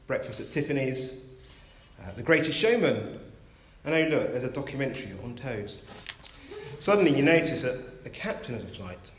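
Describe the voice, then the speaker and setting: A man preaching a sermon, telling a story in a measured, gentle way. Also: medium pitch, very animated, slight background noise. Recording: roomy echo.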